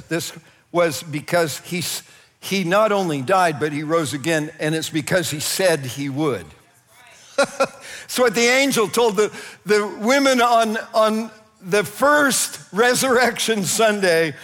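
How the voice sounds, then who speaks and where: High-voiced man preaching a lively sermon. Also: big-room sound. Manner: animated preaching, laughing, crying out. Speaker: pastor.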